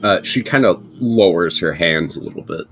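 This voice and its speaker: A man narrating as game master in a tabletop game, in a relaxed, hesitant manner with lots of ums. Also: deep voice, moderate pace, faint music behind. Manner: relaxed, hesitant, many fillers.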